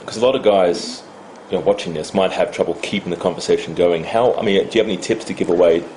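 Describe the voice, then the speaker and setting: A man with a very low voice asks quick, leading interview questions and drops in short agreements. He talks fast, with a faint hiss of background noise. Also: darkish tone, rough recording.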